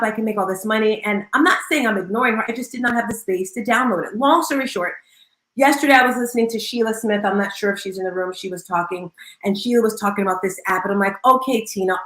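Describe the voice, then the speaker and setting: A woman hosting a live audio room, talking in an energetic, bubbly, animated way. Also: on the high side, echoey room, poor audio. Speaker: host.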